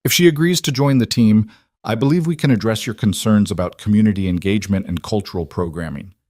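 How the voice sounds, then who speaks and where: A man voicing a contrite businessman who keeps his voice steady and even. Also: lowish voice, fast talker, close to an everyday voice. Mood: steady contrition. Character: contrite businessman husband, middle-aged, steady.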